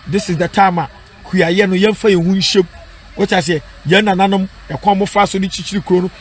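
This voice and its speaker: Over slight background noise, a man with a high, fairly bright voice and a Ghanaian accent preaches evangelist-style in the street, blending English and Twi. He drives points home emphatically, repeats himself, and calls out "What I say?" for the crowd to answer.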